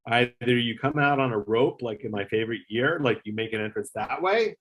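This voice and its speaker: A man's voice: medium pitch, lively intonation, a little fast, a bit bright. A middle-aged man, a former talk show producer, telling a story in a casual interview, acting out the voices he quotes and filling his talk with fillers and swearing.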